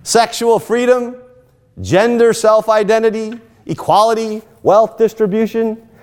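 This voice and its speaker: A man preaching a sermon, telling stories and rising into emphatic, animated lines. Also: high voice, a little slow. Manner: animated storytelling with emphatic rises. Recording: long hall reverb.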